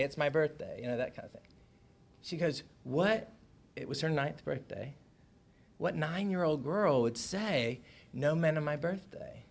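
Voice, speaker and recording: Gravelly man, earnest storyteller at a press conference, mid-range voice, restarts often. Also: mid-range voice. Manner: earnest, animated, with many restarts.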